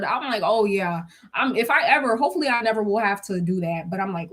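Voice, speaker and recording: A woman's voice: fairly high pitch, brisk, few pauses. A young woman telling her viewers a workplace story in a casual, gossipy way, acting out what everyone said. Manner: gossipy, animated retelling with quoted dialogue and bursts of laughter.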